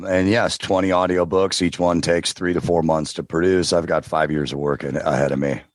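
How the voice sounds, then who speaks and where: A man telling stories as a podcast guest in casual interview chat, relaxed, now and then trying out character voices. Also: sits low, normal speed, dry recording, clean studio sound. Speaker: podcast guest, audiobook narrator.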